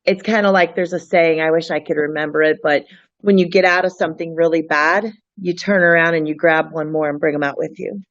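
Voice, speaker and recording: A woman speaking earnestly in an interview, with frequent restarts and a halting delivery. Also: sits low, fairly even intonation, no echo, lo-fi sound. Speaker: guest, friend of a missing woman. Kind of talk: emotional interview talk.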